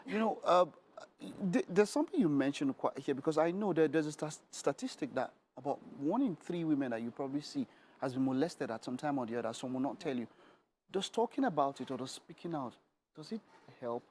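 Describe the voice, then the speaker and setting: A man's voice: a little high, expressive, a little fast, a little mellow, a little hiss or hum. A man hosting a TV interview, jovial and chatty, with stumbling restarts. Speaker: TV host. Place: TV studio.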